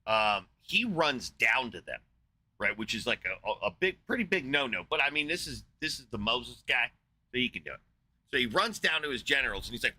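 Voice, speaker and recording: A man's voice: medium pitch, expressive, brisk, bright, forceful tone. A man hosting a live debate show, arguing with a caller in a profane, mocking, combative way and retelling a scripture story crudely.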